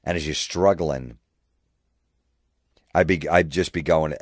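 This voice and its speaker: A man's voice: rumbling low, fairly even intonation, takes it slowly, no room sound, studio quality. A man hosting a podcast, ranting in a profane, sarcastic way and mocking people in put-on voices. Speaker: podcast host. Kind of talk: comedic rant.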